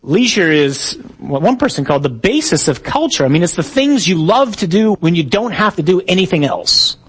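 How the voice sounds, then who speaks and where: Priest guy giving a homily, kinda breathy voice, talks loose and jokey. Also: high voice, very animated, moderate pace, fairly bright tone, rough recording. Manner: conversational, jokey preaching with asides. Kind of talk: sermon.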